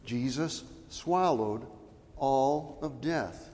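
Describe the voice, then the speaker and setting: A man preaching a chapel sermon as pastor, slow and deliberate, with sudden loud outbursts when he quotes scripture. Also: medium pitch. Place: church chapel. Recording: long reverb of a chapel.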